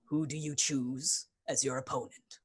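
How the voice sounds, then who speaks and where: Woman doing a composed male leader, low voice, slow and formal, tabletop role-play. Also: fairly even intonation, slightly rough, heavily acted. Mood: calm. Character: composed male pack leader, older man.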